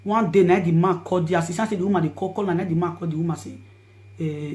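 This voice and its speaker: A woman with a Nigerian accent telling a personal story to her viewers, swinging between hushed asides and loud pleading. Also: lowish voice, fairly even intonation, fast talker. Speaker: vlogger. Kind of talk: storytelling to camera in Pidgin.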